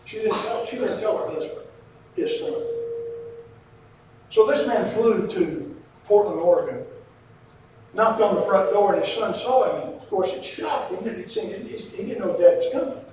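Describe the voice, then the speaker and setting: A man's voice: high voice, expressive, normal speed, pauses often, a little mellow, a little hiss or hum. A man with a Southern American accent preaching a sermon, retelling a letter in an earnest, folksy way. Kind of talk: sermon storytelling. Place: church sanctuary. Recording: very echoey church hall from a distance.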